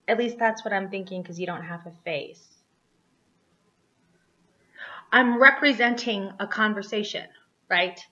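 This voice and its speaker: A woman lecturing a theater class online in an animated, conversational way, tossing in "right?" every few sentences. Her voice is bright and forward, though the recording sounds dull and lo-fi. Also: medium pitch, a little slow, pauses often. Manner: animated, checks in with frequent "right?" tags. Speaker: theater teacher.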